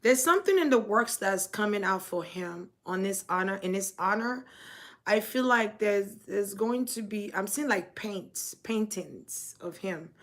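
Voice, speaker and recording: Woman, spiritual reader, channeling, slow, halting, emotional, searching for words. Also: medium pitch, lively intonation.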